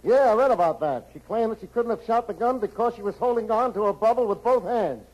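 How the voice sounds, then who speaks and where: A man's voice: sits high, fast, darkish tone, lo-fi sound. A man playing an eager, fawning airline ticket clerk in a 1940s radio comedy.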